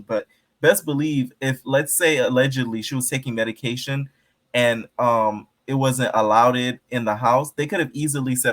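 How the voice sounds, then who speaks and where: A man's voice: mid-range voice, fairly bright tone. A man giving sassy, slangy commentary on a reality show in a casual vlog, gossiping and addressing his viewers directly.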